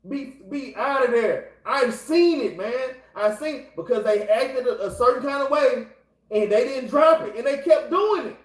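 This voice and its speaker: A man's voice: extremely high pitch, expressive, a little slow, roomy sound, low-quality recording. A man leading an informal scripture class, talking casually and exhorting his listeners, constantly repeating the same filler address. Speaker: Bible class teacher.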